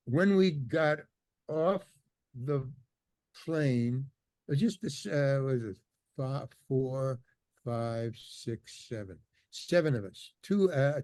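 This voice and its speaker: Older male guest, animated storyteller, dry studio sound. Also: mid-range voice, no echo. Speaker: podcast guest. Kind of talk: casual storytelling interview.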